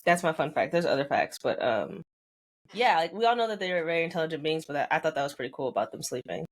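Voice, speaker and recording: Chatty lower-voiced woman sharing facts. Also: expressive, quick pace. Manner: explaining, chatty, amused. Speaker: podcast co-host. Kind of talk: casual chat, sharing fun facts.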